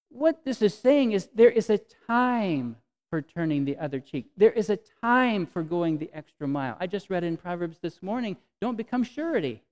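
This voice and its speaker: A man preaching a conversational sermon to his congregation, telling stories with frequent restarts and swinging from soft to emphatic. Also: high-pitched, very animated, normal speed. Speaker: pastor. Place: congregation meeting in a temporary venue.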